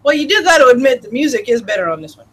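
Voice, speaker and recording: Brief: easygoing male host, strikingly high voice, faint hiss behind. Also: very animated, rapid-fire, fairly bright tone. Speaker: stream host. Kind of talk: casual chat.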